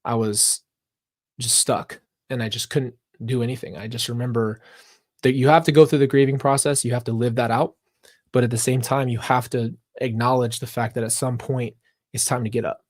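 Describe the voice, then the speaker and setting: A man's voice: mid-range voice, fairly even intonation, normal speed, darkish tone, no room sound, clean studio sound. A man hosting a live reaction stream, talking earnestly and reflectively to his viewers and chat, often wandering off on personal tangents. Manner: talks straight to viewers and chat. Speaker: reaction channel host.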